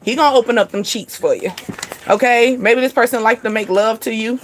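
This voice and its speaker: A woman's voice: on the high side, a little fast, slight background noise. A woman, giving a casual spiritual tarot card reading in a chatty, repetitive way with frequent laughs.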